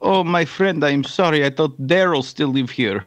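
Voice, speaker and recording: A man's voice: a little high, moderate pace, no echo, lightly acted. A man voicing a friendly, apologetic stranger at the door at night, in a Bosnian accent.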